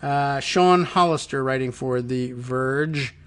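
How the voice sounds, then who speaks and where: A man's voice: medium pitch, slow pace, slight background noise. A man hosting a talk podcast, giving sardonic, rambling commentary on the news with frequent fillers and restarts. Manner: sardonic, musing, many ums and restarts. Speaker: podcast host.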